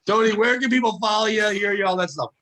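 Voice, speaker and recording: A man's voice: sits high, quick pace, pushed and bright. A man hosting a comedy podcast, riffing loosely and joking with guests. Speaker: podcast host. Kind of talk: casual comedy chat.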